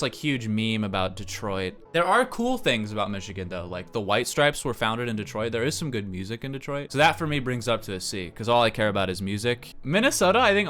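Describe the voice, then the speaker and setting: Young man, live streamer, casual rambling chat, blunt, profane, very expressive pitch, bright tone.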